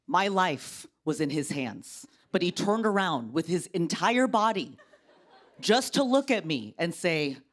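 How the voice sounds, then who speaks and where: A woman in her thirties doing a stand-up comedy set on a TV stage, wry and exasperated, acting out the people she quotes at a louder pitch. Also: big pitch swings, measured pace. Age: 30s. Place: television studio stage. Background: studio audience laughter.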